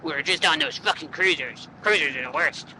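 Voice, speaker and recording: Background noise fills this clip of a woman from Canada talking into her helmet mic while she rides a motorcycle through the countryside. Her voice is low and fairly quick as she rambles, jokes, and swears as a moto vlogger.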